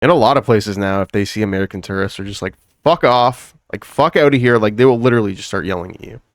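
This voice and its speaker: A man's voice: lowish voice, racing, dry recording, studio quality. A man hosting a podcast in casual chat, joking, swearing and laughing often. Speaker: podcast host.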